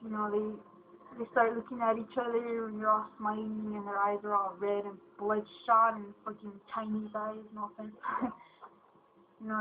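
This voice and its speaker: A woman's voice: mid-range voice, background noise. Woman spinning a loose comic tale, rambling, recorded on a tinny phone-like line. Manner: rambling, lots of ums and "you know". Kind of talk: casual storytelling.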